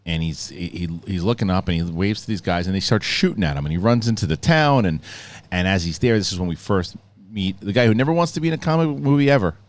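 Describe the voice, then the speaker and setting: A man hosting his channel, giving a casual spoken review in a rambling, animated way with frequent restarts. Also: low voice, fast. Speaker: host.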